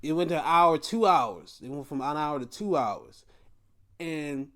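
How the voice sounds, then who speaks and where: A man's voice: a little high, expressive, unhurried, a bit bright. A young man hosting a podcast, giving a profane, exasperated rant in casual commentary. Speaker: podcast host.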